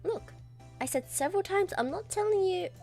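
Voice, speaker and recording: A woman's voice: very high-pitched, lively intonation, normal speed, a little mellow, soft background music, voice pushed up. A woman voicing an evasive, sassy young female witness in a video game.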